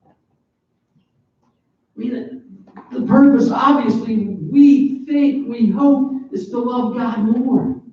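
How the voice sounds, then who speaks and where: A man in his forties preaching a sermon, animated and joking, with sudden loud bursts. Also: very high voice, takes it slowly, pauses often. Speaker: pastor. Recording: echoey, distant, dull church PA recording.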